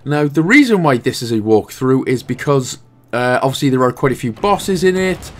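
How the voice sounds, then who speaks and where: A man's voice: medium pitch, lively intonation, moderate pace. A Welsh man hosting a game walkthrough, chatting casually with jokey asides while explaining the controls. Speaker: gaming guide host.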